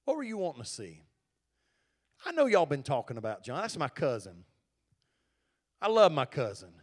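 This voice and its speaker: A folksy Jesus stands up loyally for his own, played by a male preacher. The voice is high, swoops through a wide range and hits each line emphatically. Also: huge pitch swings, moderate pace. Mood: protective.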